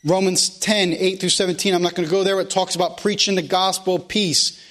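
A man's voice: high voice, fairly even intonation, fairly quick, a bit bright. A man preaching a sermon, calling out scripture references again and again and asking rhetorical questions. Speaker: pastor.

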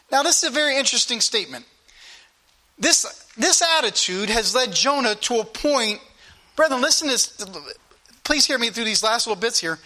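A male preacher with a high, bright, ringing voice delivers his sermon emphatically. He repeats key phrases for weight and talks straight to his listeners. His tone stays forceful from line to line. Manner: emphatic, repetitive, addresses the congregation directly.

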